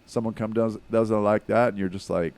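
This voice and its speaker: Deep voice guy from hawaii, cussing a lot, middle-aged, keeps saying man. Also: fairly even intonation, brisk, a little mellow. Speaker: guest. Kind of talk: casual podcast chat.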